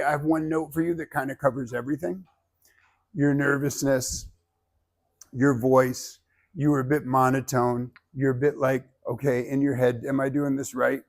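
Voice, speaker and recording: A man's voice: fairly high pitch, steady tone, normal speed. A man giving blunt, emphatic feedback as a speaking coach, with some swearing. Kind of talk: workshop feedback.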